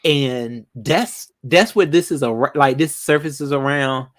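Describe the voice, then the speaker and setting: Man, livestream host, relaxed casual chat, rambling, filler-heavy, mid pitch. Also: takes it slowly. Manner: laid-back, rambling, lots of fillers. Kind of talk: casual live chat with callers.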